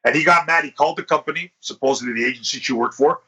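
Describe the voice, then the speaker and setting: A man's voice: on the high side, racing, pushed and bright, slightly rough. A male podcast host in casual chat, telling crude stories full of swearing and acting out what people said. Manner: crude, profane storytelling, acts out quotes. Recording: lo-fi podcast recording.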